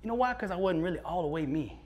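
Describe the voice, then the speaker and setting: High-voiced, animated storytelling man. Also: quick pace. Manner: animated, laughing, slangy storyteller acting out dialogue. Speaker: motivational speaker. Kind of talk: live motivational storytelling.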